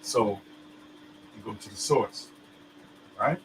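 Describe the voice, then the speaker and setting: A man's voice: lowish voice, slow pace, background noise. A man explaining things in casual chat, loose and full of fillers, often checking that his listener understands.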